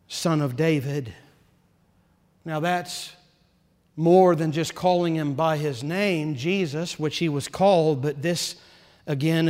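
A male pastor preaching a sermon, swinging between hushed, quiet passages and rising, impassioned build-ups. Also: fairly high pitch, in a large hall.

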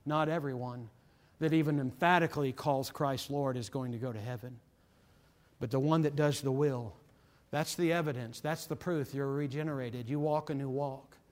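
A man's voice: medium pitch, moderate pace. A man preaching a sermon, quoting scripture by chapter and verse and building to impassioned, emphatic pleading.

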